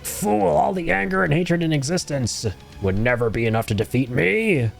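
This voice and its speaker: A man's voice: a little high, lively intonation, normal speed, creaky, soft background music, pitched above the performer's own voice. A man voicing a haughty tree-spirit sorcerer villain. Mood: menacing. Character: cold arrogant male sorcerer villain, menacing.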